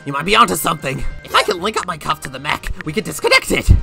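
A woman's voice: deep voice, wildly swooping pitch, rapid-fire, creaky, music in the background, full character voice. A woman voicing a nerdy, hot-headed male Koopa inventor who talks in a snappy, impatient way. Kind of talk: fan-made cartoon voice acting.

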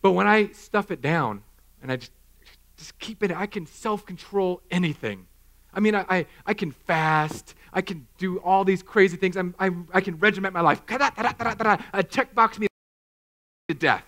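Pastor guy preaching, fairly high voice, jokey and animated, acts stuff out. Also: normal speed. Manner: animated, self-mocking, acts out scenes. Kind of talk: sermon. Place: church hall.

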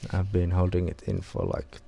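A man's voice: deep voice, gravelly. A man, streaming a racing game with wry, self-mocking commentary and free swearing. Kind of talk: casual gameplay livestream commentary. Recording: loud racing game engine noise behind voice. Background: racing car game sounds.

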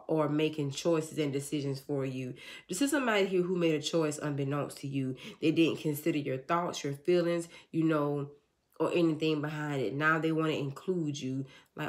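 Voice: mid-range voice, fairly even intonation, normal speed. A tarot reader giving a channeled love reading in a casual, earnest, repetitive way, often speaking for an unseen person. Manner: casual, informal.

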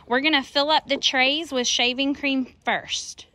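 A woman's voice: high-pitched, steady tone, measured pace, noisy background. A woman art teacher demonstrating a craft project outdoors, giving patient, coaxing instructions to young children.

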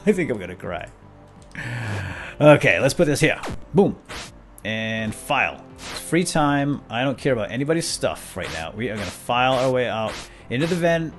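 An excitable man commentates his gameplay in a chatty way and talks straight to the characters on screen. His pitch swoops up and down a lot, and the voice sits in a middle register. Faint game music plays underneath. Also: normal speed. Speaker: let's play host.

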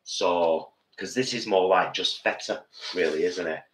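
Man, very low pitch, bright tone, earnest live-stream talk, echoey kitchen. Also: measured pace, slight background noise. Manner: earnest, talks to viewers directly. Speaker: co-host of a live vegan cooking stream. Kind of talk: casual live-stream chat. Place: home kitchen.

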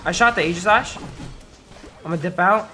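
A hoarse man streaming a game, giving hyped, trash-talking live commentary to his chat. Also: sits high, moderate pace, sharp tone, soft background music.

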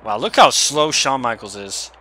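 A young man giving casual gameplay commentary, excitable and swearing as he yells at the game. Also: medium pitch, moderate pace, a little hiss or hum. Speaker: gamer.

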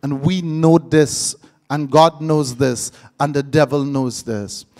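High-voiced preacher. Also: male voice, slow, vocal fry. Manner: lively, joking, quizzing the congregation. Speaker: pastor. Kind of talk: live sermon.

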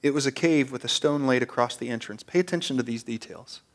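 A man's voice: mid-range voice, quick pace. A man preaching a sermon as pastor, earnest and conversational, often repeating words as he restarts.

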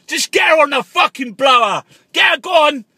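A man, a taxi driver and artist, shouting and swearing through a comic paranoid rant on the phone. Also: very high-pitched, expressive, normal speed, no echo, clean studio sound. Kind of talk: comic ranting phone call.

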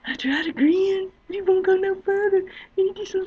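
A woman rambling to her webcam, drawling and swinging from low mutters to loud squeals. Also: steady tone, moderate pace. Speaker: webcam vlogger. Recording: dull lo-fi webcam audio.

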